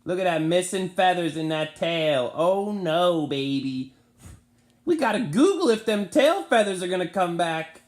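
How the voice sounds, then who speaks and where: Man, pet owner, unhurried gushing baby talk, very high and lively. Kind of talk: casual home video.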